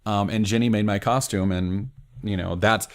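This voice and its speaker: A man being interviewed on a podcast, telling stories excitedly and saying "like" a lot. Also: fairly low pitch, normal speed. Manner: excitable storyteller, heavy use of "like". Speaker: podcast guest. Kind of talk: casual interview chat.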